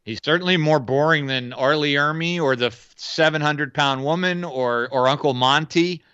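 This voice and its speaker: A man's voice: fairly high pitch, normal speed, pushed and bright, clear, resonant tone, no echo, lo-fi sound. A man co-hosting a casual movie review podcast, talking in a joking, profane, rambling way. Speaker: podcast co-host. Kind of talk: casual film review chat.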